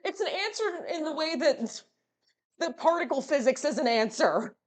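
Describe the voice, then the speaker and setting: Young woman streamer, slightly high, very animated, teasing and profane. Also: moderate pace. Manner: playful, teasing, swears freely. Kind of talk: casual live-stream chat.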